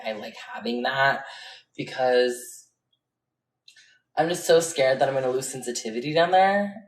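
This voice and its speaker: A woman with a strikingly low voice chats casually to her livestream viewers, candid and rambling, breaking into laughter often. She talks into a phone in a room with a noticeable echo. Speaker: livestreamer answering viewer comments. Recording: echoey room.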